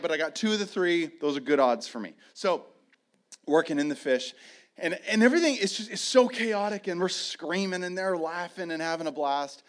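A man in his thirties, a pastor, preaching and telling a lively personal story, loud and animated at the high points. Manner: animated storyteller, shouts when acting out his kids.

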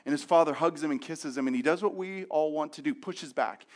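A young man preaches with a high, lively voice, leaping into raised, animated voices whenever he acts out the people in his stories. Between those bursts he drops back down to a plain, conversational delivery, talking straight to his listeners. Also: fairly quick. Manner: animated storytelling, acting out quotes in raised voices. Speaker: pastor. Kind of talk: sermon with acted-out stories.

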